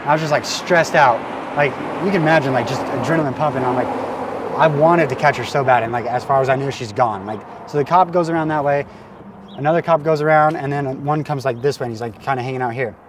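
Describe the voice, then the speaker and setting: A man, a guest storyteller, excitedly recounting events on a residential street, peppering his talk with "like" and "right". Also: medium pitch, fast talker. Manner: excited, restless, with many likes and rights. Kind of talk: animated storytelling on location. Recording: outdoor street noise.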